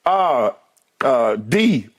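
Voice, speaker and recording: A man in his fifties, a sports debate co-host, giving a heartfelt, choked-up farewell speech with halting restarts in a TV studio. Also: medium pitch, sing-song.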